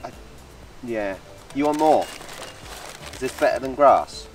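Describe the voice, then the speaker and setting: A man from England, chatting excitedly in a casual travel vlog at an outdoor wildlife park. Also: medium pitch, unhurried, faint music behind. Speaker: travel vlogger.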